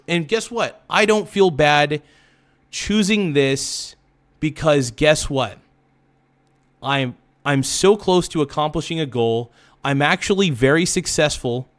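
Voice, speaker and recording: Fired-up ranting man, fairly high voice. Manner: heated, repetitive, swearing rant; halting restarts and self-corrections. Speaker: livestream host. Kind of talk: livestream monologue.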